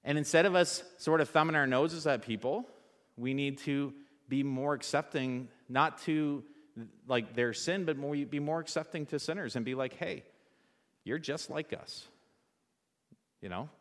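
Casual, animated male preacher in a church with long reverb. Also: on the high side, moderate pace. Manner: conversational, animated, asks the audience rhetorical questions. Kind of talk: sermon.

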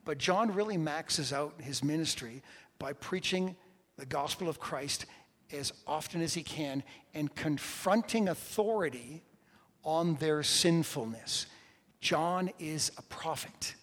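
A man's voice: fairly high pitch, slow, a bit bright, in a large hall. A man preaching a sermon as a pastor, telling stories in a conversational way with humorous asides.

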